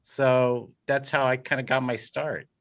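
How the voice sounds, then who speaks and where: A man's voice: mid-range voice, fairly even intonation, measured pace. A man co-hosting an interview podcast, chatting casually with hesitant, self-deprecating jokes. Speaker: podcast co-host.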